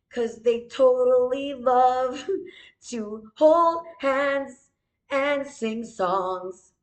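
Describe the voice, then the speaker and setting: A woman doing a rambling comic improv monologue, silly and swearing, with deadpan asides and quick self-corrections. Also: sits high, soft background music. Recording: roomy echo.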